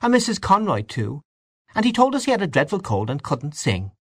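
A man reading aloud, voicing a chatty young woman guest who talks quickly and eagerly. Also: on the high side, huge pitch swings, husky, no room sound, studio quality, pitched above the performer's own voice, heavily acted.

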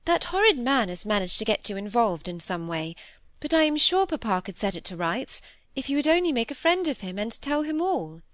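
Gentle timid young woman, earnest and pleading, read by a woman, high and dry. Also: sing-song, fairly quick, no room sound.

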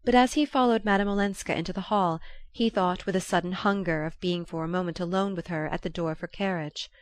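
An audiobook reader with a lowish voice narrates a classic novel aloud, following a script in a measured, even storytelling manner.

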